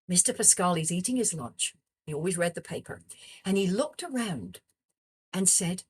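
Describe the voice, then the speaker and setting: A woman's voice: on the low side, moderate pace, breathy edge. A woman, a psychologist, telling a personal story in conversation and acting out the people in it. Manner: animated storyteller, acts out quoted dialogue. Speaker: psychologist guest.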